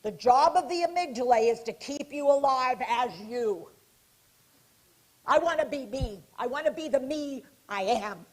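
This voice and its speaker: Her voice sits high and moves at a measured pace as she delivers a keynote on a conference hall stage. Wearing a small neck mic, she directs the crowd in an animated way, quizzing them and guiding them with her hands in this interactive lecture.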